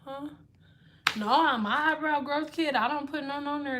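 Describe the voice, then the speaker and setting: A woman in her thirties chatting on a livestream and reading comments, animated and sing-song, sometimes dropping to soft murmurs. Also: high voice, a little slow, a little hiss or hum. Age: 30s. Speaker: livestream host.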